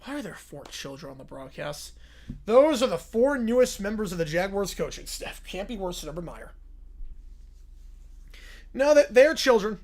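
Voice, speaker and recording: A male streamer chats on a live reaction stream. His pitch swings widely as he goes from goofy bits to dry, deadpan asides. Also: normal speed, long pauses. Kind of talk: livestream reaction chat.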